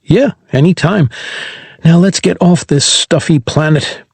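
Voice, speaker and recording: A male narrator voicing an excitable young man in a science fiction audiobook, with strained, yelping outbursts. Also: a little high, unhurried, vocal fry, breathy edge, no room sound, voice pushed up, full character voice. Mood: relieved.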